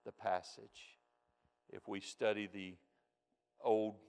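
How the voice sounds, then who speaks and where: A male pastor delivers a sermon from the pulpit, talking slowly and plainly, with a clear, resonant tone. He moves from quiet asides to loud, emphatic points. The sound carries a long reverb from the large church hall. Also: on the low side, level tone. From United States. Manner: folksy, swings from soft to loud and emphatic.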